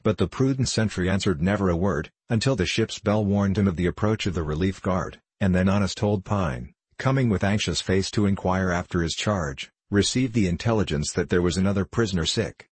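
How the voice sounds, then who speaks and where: A man with a deep, slightly husky voice reads a novel in an even storytelling manner. The sound is close and dry, with no room around it. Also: a little fast, few pauses, no room sound. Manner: steady storytelling, dropping into rough convict voices for dialogue. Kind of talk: audiobook narration with character voices.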